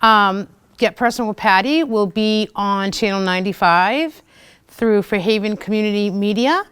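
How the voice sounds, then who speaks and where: A woman in her thirties shares personal stories as host of a small local show. Her voice is smooth and clear, and she talks casually with plenty of "you know" and "like." She often acts out what others said. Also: mid-range voice, normal speed, a bit bright. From United States. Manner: chatty, fillers and acted-out quotes. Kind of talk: personal storytelling talk.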